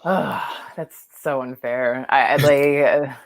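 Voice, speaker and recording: A woman's voice: rumbling low, fairly even intonation, slow pace, creaky, no room sound. A woman guest on a movie podcast, talking casually and rambling with many fillers and restarts. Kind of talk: casual chat.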